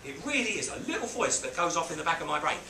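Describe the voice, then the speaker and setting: A man's voice: fairly high pitch, sing-song, racing, gravelly, noisy background. A man telling a story to a small group, acting out voices and beeping sounds. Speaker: speaker mentoring a group. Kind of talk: storytelling talk to a small audience. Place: on a boat, roomy space. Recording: roomy, mic at a distance, faint ambience.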